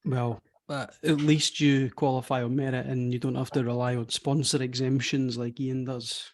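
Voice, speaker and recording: A man's voice: mid-range voice, level tone, normal speed. A man, hosting a casual golf podcast with dry, teasing banter. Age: 40s. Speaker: podcast host. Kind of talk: casual chat.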